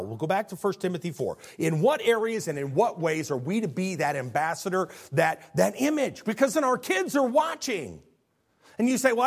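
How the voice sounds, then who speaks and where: A man preaching a sermon, earnest and animated, asking the congregation questions. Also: on the high side, slightly rough.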